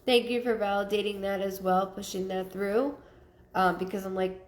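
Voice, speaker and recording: A woman giving a live psychic reading, relaying messages in a halting way with many fillers. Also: medium pitch, fairly even intonation, echoey room. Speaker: psychic medium.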